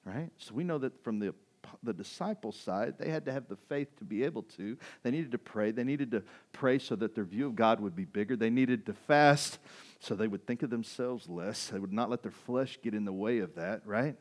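A man preaching a sermon, moving from hushed, intense passages to loud, fervent ones, often asking the congregation "right?". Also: normal speed. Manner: builds from hushed intensity to loud, high-pitched fervor, with rhetorical "right?"; acts out quoted voices of doubters. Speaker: pastor.

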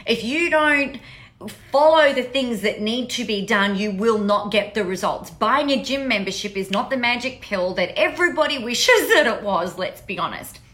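Bright-voiced, blunt, sweary woman. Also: fairly high pitch, expressive, normal speed. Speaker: podcast host. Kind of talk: casual monologue.

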